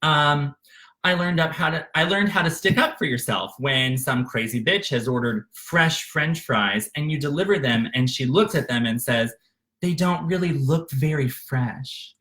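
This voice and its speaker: A man tells his own life story in a bright, ringing voice that rises and falls in a lively way. He talks candidly and with feeling, catching himself with fillers and restarts as he goes. It sounds like a close studio microphone. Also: medium pitch, normal speed. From Arkansas, USA. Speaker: author narrating his memoir. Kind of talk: unscripted memoir narration.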